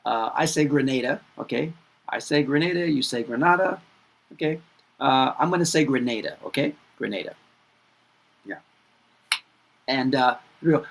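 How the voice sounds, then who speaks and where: A man teaching pronunciation in an upbeat, playful way, repeating each word slowly and chuckling between them. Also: mid-range voice, gravelly. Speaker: English teacher. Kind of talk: pronunciation lesson with repetition.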